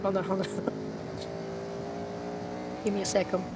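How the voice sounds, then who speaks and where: A young woman streaming a driving game, excitable and swearing, laughing and talking to her chat. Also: very deep voice, slow, heavy background noise. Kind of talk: casual live-stream chat while gaming.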